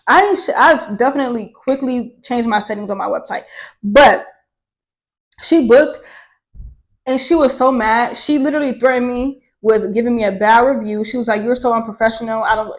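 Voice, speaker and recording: Young woman on camera, a bit high-pitched, blunt and sweary, casual storytelling. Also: moderate pace, rough recording. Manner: candid and profane, swears freely; animated, with laughter. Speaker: vlogger telling her life story.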